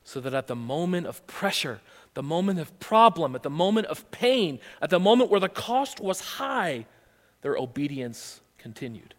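A male pastor delivers a sermon with a notably high voice, asking his listeners questions as he retells the story. His words ring out with a long reverb in a big hall. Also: normal speed. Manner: animated storytelling with rhetorical questions.

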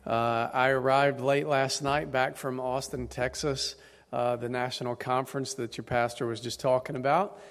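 A man with an East Tennessee hillbilly twang addresses a congregation, a little tired and full of folksy, self-deprecating humor. His voice is mid-pitched and rings out in a church hall with a long reverb. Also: fairly even intonation, moderate pace. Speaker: district superintendent, guest preacher. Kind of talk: sermon introduction. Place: church sanctuary.

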